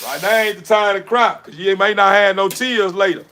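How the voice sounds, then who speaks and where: A man's voice: high voice, moderate pace, sharp tone, slight background noise. A man talking casually while bathing his dog in a yard, laughing often and repeating himself in a preachy street-talk way. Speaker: dog breeder. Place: outdoors in a yard.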